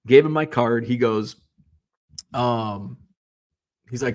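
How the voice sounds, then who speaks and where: A man's voice: mid-range voice, takes it slowly, long pauses, darkish tone. A middle-aged man casually telling a story in his home basement, rambling with lots of fillers and restarts and the odd swear word. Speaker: card collector and seller. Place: home basement shipping room.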